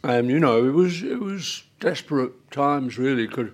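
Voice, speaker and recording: An older man, a guest on a chat show, telling homely family stories in a halting, rambling way. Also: medium pitch, lively intonation. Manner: rambling, halting anecdotes with many fillers. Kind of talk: casual storytelling chat.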